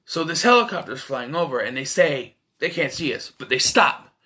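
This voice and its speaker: Man reviewing a movie off the cuff, animated delivery, exasperated and profane. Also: a little high, moderate pace. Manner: rambling, exasperated, swears freely. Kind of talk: casual spoken film review.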